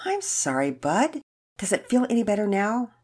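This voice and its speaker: A woman's voice: medium pitch, sing-song, moderate pace, a little mellow, slightly rough, voice pushed up. A woman voicing a sleepy, enthusiastic family dad who talks in an eager, exclaiming way. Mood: gentle.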